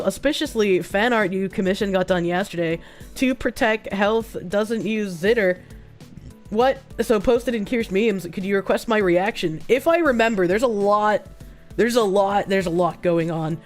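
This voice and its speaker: This streamer sounds hoarse and unwell, speaking in a mid-range voice as she goes through donations and chat messages. Her live-stream talk is casual, wandering, and full of swearing.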